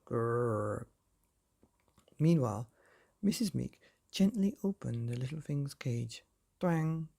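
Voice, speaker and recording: A man's voice: medium pitch, lively intonation, normal speed, creaky, dark tone, slightly rough. A man hosting a bedtime story podcast, reading a chapter aloud in a cosy, theatrical storytelling manner. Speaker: bedtime story narrator and host.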